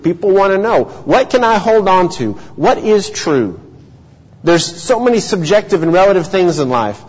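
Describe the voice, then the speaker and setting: Husky-voiced preacher in a reverberant hall. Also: male voice, a little high, animated. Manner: earnest, measured teaching with rhetorical questions. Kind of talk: sermon. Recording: dull lo-fi audio with long hall reverb.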